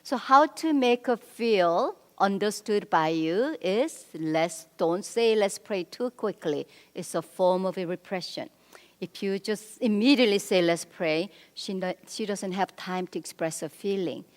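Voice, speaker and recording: A middle-aged woman giving a church marriage seminar, animated as she coaches the men in the audience directly. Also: mid-range voice, unhurried. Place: church hall. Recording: long reverb of a church hall.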